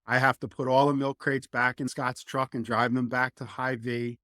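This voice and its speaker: A middle-aged man from New Jersey who once played lineman in college football tells stories as a guest in a casual interview. He's lively and animated, acting out quotes in a mid-range voice at a moderate pace, captured in a dry, studio-quality recording.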